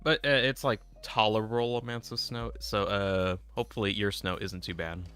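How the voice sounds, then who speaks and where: Low-voiced man chatting on a stream. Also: level tone, moderate pace, fairly bright tone, smooth, soft background music. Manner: rambling, filler-heavy, laid-back. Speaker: game streamer. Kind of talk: casual live-stream chat.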